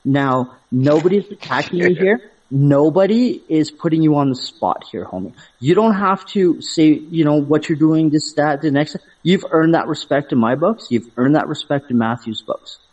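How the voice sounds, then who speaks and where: A man's voice: fairly high pitch, animated, moderate pace, few pauses, darkish tone, dull audio. A man hosting a casual chat, lecturing his guest and repeating himself, talking over others.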